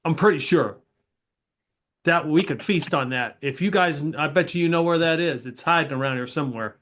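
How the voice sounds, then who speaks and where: A man's voice: on the high side, normal speed, fairly bright tone. A man narrating as game master in a tabletop role-playing game, voicing characters playfully.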